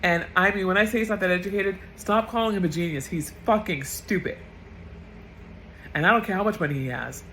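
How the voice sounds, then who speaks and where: A woman's voice: on the low side, fairly bright tone, slight background noise, poor audio. A woman getting over a cold delivers an impassioned political rant as a vlogger, blunt, profane and emotional.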